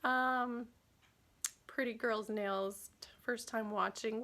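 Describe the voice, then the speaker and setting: A woman's voice: fairly high pitch, fairly even intonation, slow pace, bright, forceful tone. A woman hosting a casual nail care livestream, chatting loosely and reading out viewer questions with many fillers and restarts.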